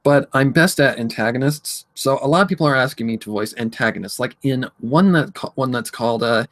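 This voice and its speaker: At a middle pitch, a man hosts a relaxed livestream, rambling through his thoughts and cursing freely. He reads viewer messages aloud and hums while scrolling, and the sound is dry and close with no room echo.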